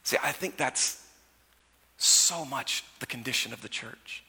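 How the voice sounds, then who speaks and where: A man preaching a sermon as pastor, talking conversationally and moving between lively storytelling and quiet, personal asides. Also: medium pitch, unhurried, breathy edge. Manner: conversational preaching, swinging from loud storytelling to hushed intimacy. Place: church sanctuary. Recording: church sanctuary with long reverb.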